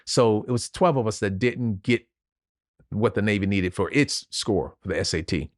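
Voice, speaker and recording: Lowish in pitch but lively in intonation, this Louisiana man, a retired Navy officer, shares a personal story as a podcast guest. He's earnest and emotional, pausing through a vivid retelling, captured in clean studio sound without echo.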